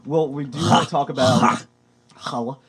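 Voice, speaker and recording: A man's voice: mid-range voice, fairly even intonation, moderate pace. A man co-hosting a podcast in casual chat, swearing freely and laughing often as he tells stories. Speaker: podcast co-host.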